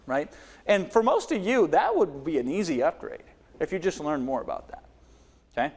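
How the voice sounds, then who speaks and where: Casual: guy teaching a webinar workshop, super animated, jumps between loud and soft, big reverby hall. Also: a little fast, creaky, husky. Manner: dramatic shifts in volume, pace and pitch to demonstrate delivery. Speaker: webinar trainer.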